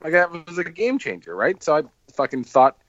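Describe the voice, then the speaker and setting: A man in casual podcast chat, spinning a long story full of fillers and curses. He leaps up in pitch when he acts out what others said. The recording is dry and a bit dull. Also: sing-song, a little fast, dry recording. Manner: rambling, swears often, acts out quotes with big pitch jumps. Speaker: podcast host.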